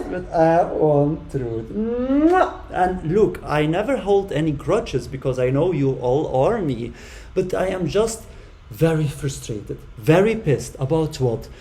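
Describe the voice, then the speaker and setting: Effusive high-voiced man, frustrated and heartfelt. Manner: effusive, repeating phrases, blowing kisses; frustrated and heartfelt, swinging between loud and hushed. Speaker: vlogger talking to an AI chatbot. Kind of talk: emotional direct-to-camera monologue.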